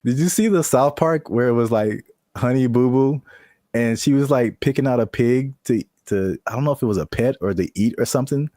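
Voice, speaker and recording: A man's voice: medium pitch, brisk, warm tone, no room sound. A young man co-hosting a casual podcast, playful and teasing, laughing often. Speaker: podcast co-host.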